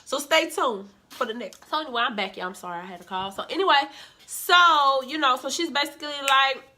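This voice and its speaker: A woman vlogger, reviewing a reality show in sassy, animated casual commentary and calling her viewers "honey.". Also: high-pitched, brisk.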